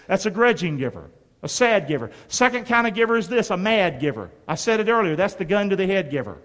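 A man's voice: high voice, big pitch swings, quick pace, a bit bright, big-room sound. A man preaching a sermon as pastor, emphatic and drawing the congregation to respond. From North Carolina.

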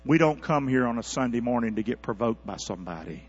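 A man preaching a sermon as pastor, calling out for responses from his congregation and swinging from quiet asides to loud, high-pitched exhortation. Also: quick pace, slightly rough. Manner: calls for congregation responses, animated rising delivery. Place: church sanctuary. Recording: dull lo-fi church recording with mains hum.

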